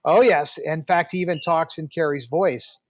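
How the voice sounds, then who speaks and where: An older man, a film producer guest, spins animated anecdotes in a relaxed interview and often restarts his sentences. His voice sits fairly high for a man and is recorded dry and close, with no room sound. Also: normal speed, no room sound. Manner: chatty, animated anecdote-telling with frequent restarts. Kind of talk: casual interview storytelling.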